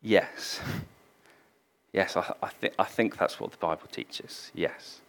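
A man voicing a timid male Christian factory worker who answers in hesitant, halting replies. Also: mid-range voice, animated, fairly bright tone, close to an everyday voice.

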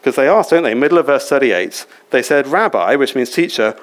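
A man's voice: mid-range voice, expressive, a little fast. Man preaching a conversational sermon. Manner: conversational, asks the congregation questions. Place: church.

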